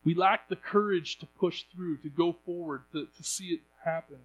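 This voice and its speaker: An earnest young man delivers a sermon in a fairly high voice. He talks plainly to his listeners and often trips over his words and starts his sentences again. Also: normal speed, lo-fi sound. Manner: earnest, stumbling restarts. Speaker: preacher.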